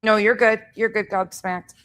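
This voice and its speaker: A woman's voice: medium pitch, steady tone, normal speed, fairly bright tone. A woman commenting on a stream with sarcastic, dismissive asides to her viewers. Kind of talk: casual reaction commentary.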